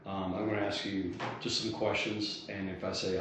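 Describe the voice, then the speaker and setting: A man's voice: low voice, level tone, moderate pace, fairly bright tone, far from the mic. A man casually explaining a comedy sketch, rambling with fillers and restarts. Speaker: comedy sketch director and actor. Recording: echoey room with faint noise.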